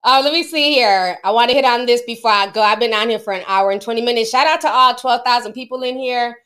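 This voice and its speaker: A woman's voice: fairly high pitch, quick pace, fairly bright tone. A middle-aged woman hosting a casual livestream, chatting with her viewers and laughing often. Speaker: livestream host.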